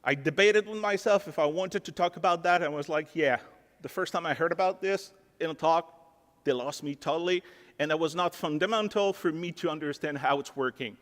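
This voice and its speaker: A man with a French accent walks a conference audience through a live technical demo in an easygoing, chatty way. His voice sits a little high, and he fills his sentences with casual fillers. The sound rings with the long reverb of a large ballroom. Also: a little fast, a bit bright. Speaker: conference speaker.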